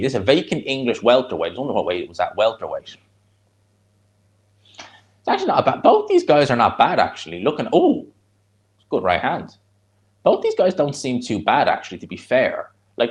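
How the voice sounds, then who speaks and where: A man with a North Dublin accent, hosting a live fight watch-along, chatting loosely and reacting excitedly to the action. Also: mid-range voice, normal speed. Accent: North Dublin (Fingal). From Ireland.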